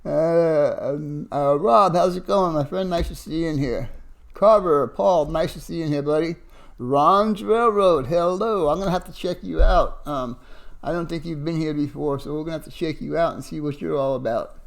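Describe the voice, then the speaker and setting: Male livestream host, gravelly, chatty, welcomes viewers by name. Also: fairly high pitch, normal speed. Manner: greets viewers one by one, frequent fillers and laughs. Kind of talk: casual livestream chat.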